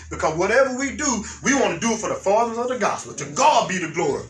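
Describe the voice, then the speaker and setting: A male pastor, preaching a fervent sermon that rises to shouts and repeats its phrases. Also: high voice, sing-song, quick pace, few pauses, faint music behind. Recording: echoey room, mic far off.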